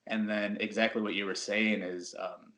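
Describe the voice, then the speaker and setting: A man with a fairly low voice speaks as a guest on a video call. His answers come out relaxed and rambling, with lots of filler words as he goes. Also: normal speed. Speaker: guest, professional wrestler. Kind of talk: casual interview answers.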